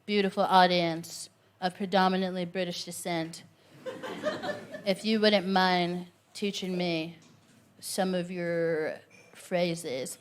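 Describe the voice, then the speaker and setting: A woman hosting a stand-up show, doing animated crowd work with plenty of laughter. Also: fairly low pitch, takes it slowly, a little hiss or hum. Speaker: comedy host. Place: comedy club stage.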